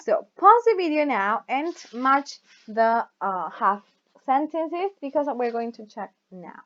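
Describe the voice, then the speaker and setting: Slow, deliberate woman teaching English. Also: fairly high pitch, sing-song, fairly bright tone, lo-fi sound. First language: Spanish. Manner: slow and deliberate, reads example sentences aloud and checks understanding with "right?". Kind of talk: recorded online grammar lesson.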